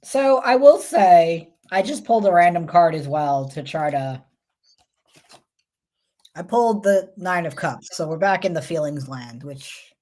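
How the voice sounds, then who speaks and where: A woman's voice: lowish voice, lively intonation, measured pace, dark tone. A woman with a New York accent co-hosting a casual livestream chat, talking in a rambling, self-interrupting way. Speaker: co-host.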